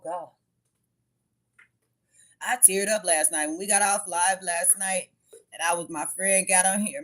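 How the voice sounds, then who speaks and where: A woman's voice: on the low side, a bit bright. Frank, cussing woman telling a story. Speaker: tarot channel host. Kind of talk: casual livestream chat.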